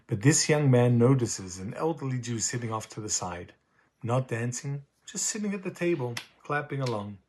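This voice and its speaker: Male storyteller, earnest and intimate, husky mid-pitched voice. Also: animated, normal speed, a little mellow. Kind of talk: reflective story narration.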